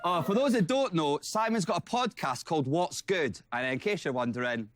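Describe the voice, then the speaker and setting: A man doing a stand-up roast with cheeky, deadpan insults, heard from a played-back clip. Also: a little high, moderate pace, over a noisy crowd. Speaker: roast comedian.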